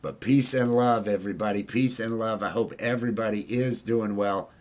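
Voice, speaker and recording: A man's voice: fairly low pitch, steady tone, moderate pace, darkish tone. A man hosting a casual livestream chat, rambling with many fillers and restarts. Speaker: livestream host.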